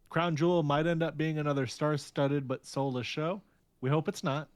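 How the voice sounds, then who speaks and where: A man's voice: mid-range voice, no room sound. A man co-hosting a podcast, talking in a plain, matter-of-fact way. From United States. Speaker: podcast co-host. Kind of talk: casual chat.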